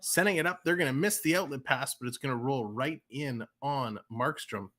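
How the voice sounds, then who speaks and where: Man, amateur hockey play-by-play streamer, bright tone, excited, chatty. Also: mid-range voice, normal speed. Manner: excited, chatty, laughs at mishaps. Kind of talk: amateur live play-by-play commentary. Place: home room with a TV behind him.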